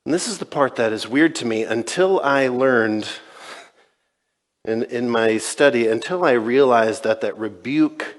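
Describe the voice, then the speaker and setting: A man's voice: medium pitch, measured pace. A male pastor preaching a sermon in a conversational way, retelling scenes and voicing quoted dialogue. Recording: long reverb in a large church.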